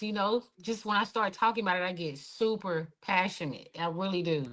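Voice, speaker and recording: Lady on a podcast, super passionate, animated story. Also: medium pitch, fairly quick. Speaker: guest, hike organizer. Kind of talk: podcast interview, personal story.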